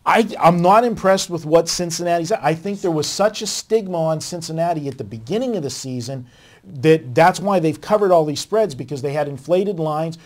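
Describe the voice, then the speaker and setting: A man's voice: a little high, moderate pace. A man, a guest sports handicapper, talking through his reasoning at length in a conversational way. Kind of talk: sports betting debate.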